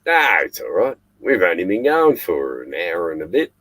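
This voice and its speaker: A man's voice: sits low, wildly swooping pitch, moderate pace, fairly bright tone, husky, no room sound, rough recording. An Australian man in his sixties hosting a casual chat, blunt, swearing freely and laughing often. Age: 60s. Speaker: podcast host.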